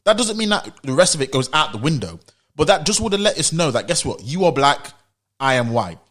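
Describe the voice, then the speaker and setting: A man's voice: fairly high pitch, very animated, a little fast, a bit bright. A British man giving an opinion commentary monologue, insistent and emphatic, driving his points home with rhetorical questions and repetition. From United Kingdom. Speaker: opinion vlogger.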